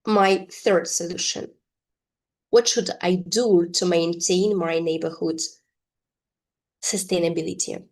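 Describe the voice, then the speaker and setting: Slow, deliberate woman teacher. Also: fairly low pitch, steady tone, a little mellow. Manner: slow, deliberate reading of example sentences. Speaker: English teacher. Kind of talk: online English lesson.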